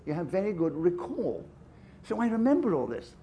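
A man's voice: high voice, big pitch swings, moderate pace, warm tone, slight background noise. An older man with an English upper-class accent, a guest author telling anecdotes on stage in a chatty, self-amused way with frequent asides. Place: festival stage.

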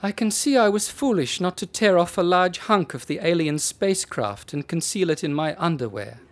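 A man puts on a composed woman in a storybook reading, her steady and precise, her voice pitched up and swinging lively over each phrase. She stays calm and matter-of-fact whatever she is asked. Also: normal speed. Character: calm unflappable German woman abductee.

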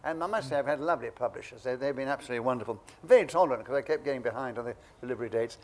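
A man in his eighties from England, a guest telling lively, self-mocking anecdotes in an interview. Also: medium pitch, rapid-fire. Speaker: guest, memoir author.

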